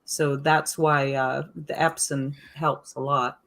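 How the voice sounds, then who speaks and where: Low-voiced, earnest woman. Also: flat delivery, slow, a bit bright. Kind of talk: panel discussion.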